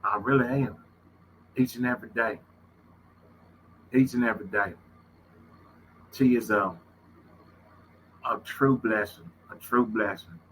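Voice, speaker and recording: A man's voice: medium pitch, fairly even intonation, unhurried, long pauses, fairly bright tone, slight background noise, low-quality recording. A middle-aged man with a Southern Louisiana accent tells stories in a casual monologue, folksy and emphatic, and he repeats his phrases. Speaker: host.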